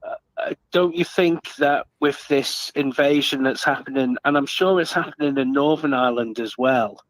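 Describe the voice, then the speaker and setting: A man calling in to a live stream, speaking in a halting, hesitant way with lots of fillers and some swearing. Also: mid-range voice, no room sound, rough recording. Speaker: caller. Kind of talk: casual call-in chat.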